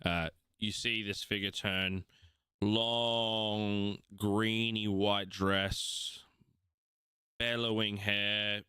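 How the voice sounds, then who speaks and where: Slow-talking Australian game master. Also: male voice, fairly low pitch, level tone, bright, forceful tone, clear, resonant tone, no echo, clean studio sound. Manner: unhurried, many fillers. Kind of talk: narrating a tabletop game.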